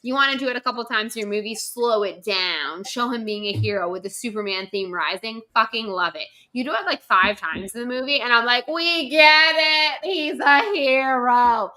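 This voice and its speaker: A woman's voice: medium pitch, brisk, few pauses, bright, forceful tone. A young woman co-hosting a casual podcast, ranting emphatically and swearing freely. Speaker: podcast co-host.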